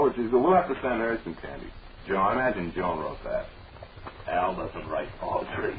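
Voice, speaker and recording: A man from Lowell, hosting a 1940s radio show and reading listener mail with dry, mock-earnest deadpan humor. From Lowell, Massachusetts. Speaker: radio host. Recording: dull old 1940s radio broadcast with faint hiss.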